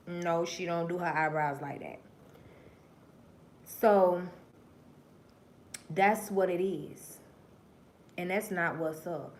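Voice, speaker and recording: A woman hosting a livestream, telling a story in a profane, preachy way and speaking straight to her viewers. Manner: swings between low murmurs and loud emphatic bursts. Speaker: livestream host. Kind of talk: casual livestream monologue.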